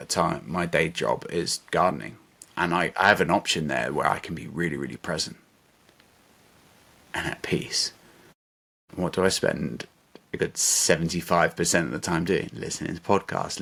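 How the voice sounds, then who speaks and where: A man's voice: sits low, moderate pace, creaky, fairly bright tone. A man co-hosting a podcast, talking in an earnest, reflective and motivational way. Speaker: podcast co-host. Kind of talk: casual podcast chat.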